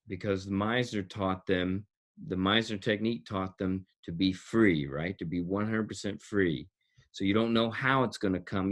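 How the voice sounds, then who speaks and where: His voice is fairly low and a bit bright. He coaches actors and directs, and in this interview he lays out his teaching with emphasis, returning to key words and breaking into laughter between points.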